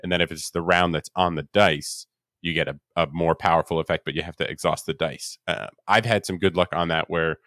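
A man's voice: deep voice, fairly even intonation, fairly quick, a bit bright, no room sound, clean studio sound. A man co-hosting a board game podcast, easygoing and hesitant, with many ums. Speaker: podcast co-host. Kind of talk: casual podcast chat.

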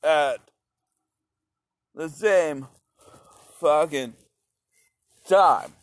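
A man's voice: on the high side, drawn-out words, dry recording. A man talking in a rambling, profane philosophical monologue, repeating his phrases as he goes.

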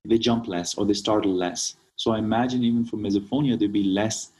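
A man's voice: fairly low pitch, steady tone, fairly quick, darkish tone, slightly rough, rough recording. A man from Kenya, a naturopathic doctor, explaining remedies as an interview guest and often checking in with "right?". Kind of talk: casual interview talk.

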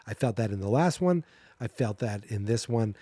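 A man's voice: on the low side, animated, normal speed, warm tone, husky, no echo. A man hosting a podcast, recapping a movie in a casual, sarcastic and rambling way. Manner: sarcastic, rambling, acts out character quotes. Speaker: podcast host.

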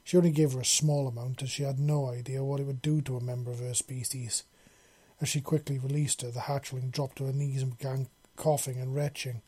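A man narrating a story in a steady reading voice. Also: mid-range voice, slightly rough.

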